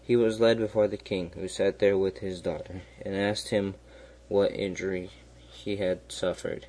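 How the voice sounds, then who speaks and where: Deep mellow guy slowly reading a fairy tale, kinda flat, trips over a word now and then. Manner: slow, even reading with small slips and restarts. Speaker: storyteller. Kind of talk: fairy tale read aloud.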